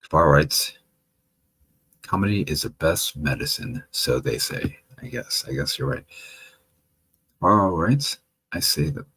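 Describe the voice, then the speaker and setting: A man hosting a livestream, reading viewer comments aloud with a chatty, wry manner and a gravelly voice. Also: a bass voice, expressive, measured pace, pauses often, pushed and bright, poor audio. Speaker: livestream host reading chat. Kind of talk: casual livestream chat.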